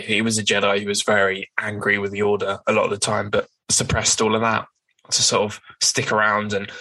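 A man talking through comic storylines on a casual podcast, his voice fairly low and bright-edged. He keeps an even, level delivery and fills his rambling recaps with frequent ums and hedging asides. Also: poor audio. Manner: rambling plot recap with many fillers.

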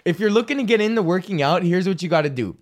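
A man's voice: high voice, lively intonation, quick pace. A man hosting his own podcast, talking in a rambling, profane, self-mocking way. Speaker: podcast host. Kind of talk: casual solo podcast rant.

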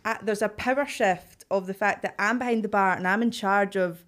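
A woman's voice: mid-range voice, a little fast. Glaswegian woman telling stories animatedly. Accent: Glaswegian Scottish. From Glasgow, Scotland. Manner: animated storytelling, acts out quoted voices. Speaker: podcast guest, actor and writer. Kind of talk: casual chat.

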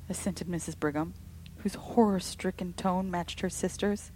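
A woman narrating a story with an expressive, dramatic delivery. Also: on the low side, moderate pace, slight background noise, low-quality recording. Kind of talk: storybook reading.

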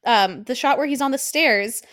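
A woman's voice: a little high, a bit bright. A woman co-hosting a podcast, joking her way through a casual recap of a TV show. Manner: playful, jokey, quick asides. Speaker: podcast co-host.

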